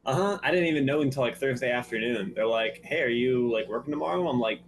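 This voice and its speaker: A man's voice: mid-range voice, fast. Easygoing podcast co-host man, faint hiss. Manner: easygoing banter, slangy with frequent 'like' and 'dude'. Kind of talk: casual chat.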